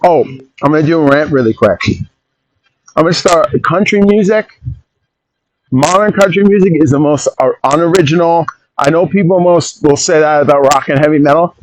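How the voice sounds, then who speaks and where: A man hosting a podcast in a casual rambling monologue, opinionated and quick to jump off on tangents and interrupt himself. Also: on the high side, a little hiss or hum, poor audio. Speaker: podcast host.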